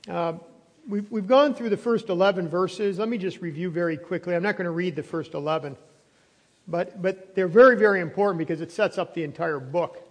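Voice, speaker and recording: A man, a pastor, preaching a conversational sermon while chewing gum, with frequent restarts and rising emphasis. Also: high-pitched. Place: church sanctuary. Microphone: not wearing his lapel mic. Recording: long hall reverb.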